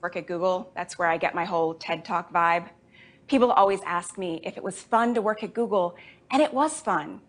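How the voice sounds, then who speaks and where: A woman born in Jamaica hosting a comedy show, delivering a deadpan stand-up monologue. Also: on the low side, normal speed. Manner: deadpan, dry delivery with put-on voices for family.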